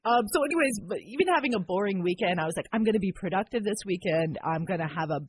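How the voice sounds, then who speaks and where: Animated woman telling stories with quotes. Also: mid-range voice, quick pace, a crowd in the background. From United States. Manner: animated storytelling with acted-out quotes. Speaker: podcast co-host. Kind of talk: casual chat.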